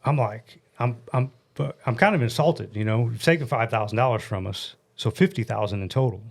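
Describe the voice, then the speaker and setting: A man, a guest on a podcast, telling a work story in a blunt, animated, casual way with some swearing. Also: medium pitch, a little fast, gravelly. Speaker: guest, paintless dent repair business owner.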